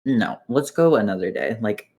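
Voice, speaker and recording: A man's voice: fairly low pitch, normal speed. Young guy on voice chat, chatty retelling, lots of "like", acts out quotes. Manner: animated retelling, full of "like" and quoted dialogue. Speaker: player in an online strategy game. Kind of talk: casual voice chat storytelling. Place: online voice chat.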